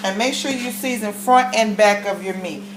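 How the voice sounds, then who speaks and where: A woman's voice: medium pitch, normal speed. A woman giving a casual home cooking demonstration, chatty and folksy, often checking in with "okay?". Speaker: home cook showing a recipe. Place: home kitchen. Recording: echoey kitchen with faint noise.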